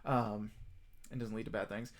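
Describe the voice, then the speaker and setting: A man streaming and chatting casually, rambling with many fillers and bursts of excitement. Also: on the low side, normal speed.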